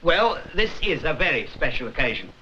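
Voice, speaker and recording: A man's voice: fairly high pitch, sing-song, moderate pace. An actor playing a middle-aged English father with an English accent and dry wit, in 1960s sitcom style. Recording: dull lo-fi TV soundtrack with loud hiss.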